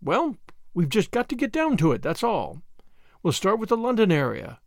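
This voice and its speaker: A man puts on an eager young woman detective, plucky and restless for action. Her voice leaps up and down with animated energy, set close and dry in a storybook reading. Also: high voice, dry recording, heavily acted. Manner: lively, quick, plucky.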